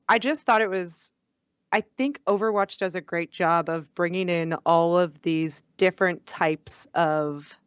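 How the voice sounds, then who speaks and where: Brief: woman, lowish pitch, dry and slightly dull sound, earnest co-host. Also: clean tone, no echo. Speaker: podcast co-host. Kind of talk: casual chat.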